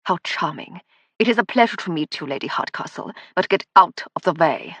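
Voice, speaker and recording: A cold, mocking spy speaks with clipped politeness and a husky edge, as a woman narrator puts him on. His dry, close voice carries a steady threat. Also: lowish voice, normal speed, no room sound. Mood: sneering. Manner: sneering, coldly polite. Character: arrogant German male spy, cold and mocking.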